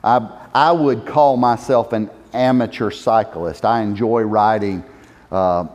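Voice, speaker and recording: Man preaching, impassioned, slow deliberate delivery, long church-hall reverb. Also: on the low side, steady tone, darkish tone. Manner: impassioned preaching, swelling to emphatic exhortations. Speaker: pastor. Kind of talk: sermon.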